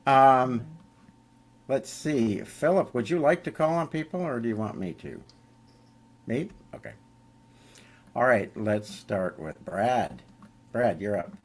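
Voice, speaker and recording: A man's voice: medium pitch, lively intonation, slow pace, pauses often. A man chairing an online recovery meeting, giving friendly, informal instructions and calling on speakers over a video call.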